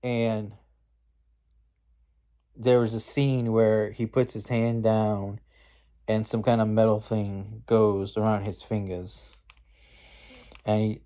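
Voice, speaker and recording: Man for a laid-back recap, low-ish, unhurried, rambling. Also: mellow. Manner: rambling, slangy, with many fillers and restarts. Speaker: movie reviewer. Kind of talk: casual scene-by-scene movie recap.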